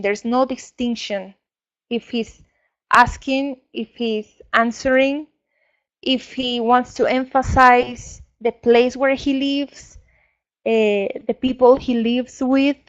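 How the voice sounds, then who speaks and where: A woman whose first language is Spanish, leading an online training for English teachers, explaining slowly with many fillers. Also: a little high, muffled recording. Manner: slow, explanatory, with frequent fillers.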